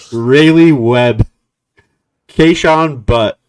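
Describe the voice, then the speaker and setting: A man with an even, mid-range voice takes his time in a relaxed sports chat. He drops dry, teasing digs at his co-host's team. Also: mid-range voice, extremely slow, slight background noise. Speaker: podcast co-host.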